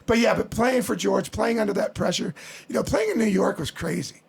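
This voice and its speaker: A middle-aged man from the Midwest, a podcast guest telling stories in an animated way. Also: sits high, fairly quick, gravelly, husky. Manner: animated storyteller acting out crowd voices. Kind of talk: storytelling interview.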